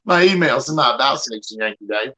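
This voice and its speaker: A man's voice: medium pitch, lively intonation, quick pace, sharp tone, rough recording. A man from Tennessee with a Southern accent, joking and drawling in a casual livestream chat. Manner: joking, drawling, does a mock Boston accent.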